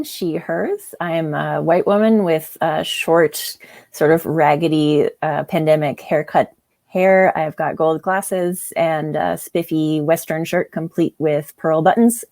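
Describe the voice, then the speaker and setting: A woman professor with a very low, gravelly voice introduces herself over a video call. She talks quickly and crisply. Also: darkish tone. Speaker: professor and panelist. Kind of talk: brisk self-introduction.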